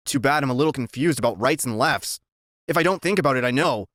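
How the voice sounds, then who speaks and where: A man reading a children's story aloud in the first person, telling it in a lively, expressive way. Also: mid-range voice, quick pace, no echo, studio quality. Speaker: reader.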